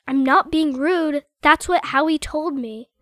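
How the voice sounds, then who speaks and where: A man's voice: very high voice, unhurried, bright, forceful tone, dry recording, clean studio sound, pitched above the performer's own voice, full character voice. A man voicing a small boy who talks about his imaginary elf friend, whiny and matter-of-fact. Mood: sulky.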